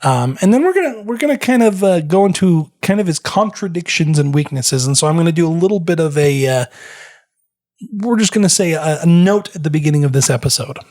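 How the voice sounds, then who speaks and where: A man's voice: fairly high pitch, expressive, fairly quick, a little mellow. A man hosting a casual history podcast, explaining at length with frequent fillers and restarts. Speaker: podcast host.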